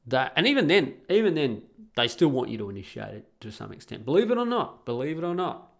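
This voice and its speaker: Gravelly-voiced Australian man telling a story. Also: medium pitch, very animated, brisk. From Perth, Australia. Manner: blunt, crude, rambling with many restarts. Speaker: podcast host. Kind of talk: casual storytelling monologue. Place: at home.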